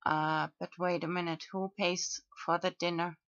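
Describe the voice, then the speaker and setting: A woman talks through her own video comments in a slow monologue, pausing often between fillers. Her pitch sits low and barely moves. The recording is dry and dull, with a muffled lo-fi tone. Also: no room sound. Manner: slow, flat, with frequent pauses and fillers. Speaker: video blogger.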